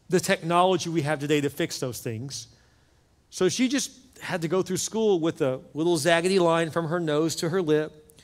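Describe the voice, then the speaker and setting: A man preaching a sermon as pastor, telling a story earnestly and often dropping into soft, hushed passages. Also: on the high side. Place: church sanctuary with several campuses. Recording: long reverb of a large hall with music behind.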